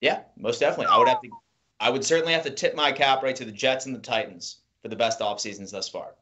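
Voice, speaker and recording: A man co-hosting a sports show, giving measured, emphatic football analysis. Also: mid-range voice, a bit bright, lo-fi sound. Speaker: sports podcast co-host.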